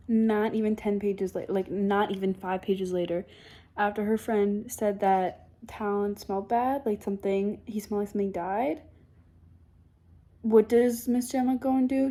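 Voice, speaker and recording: A woman's voice: mid-range voice, warm tone. A young woman casually summarizing and reviewing a book at home, chatty and sarcastic, with lots of filler words. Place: home with a cat nearby.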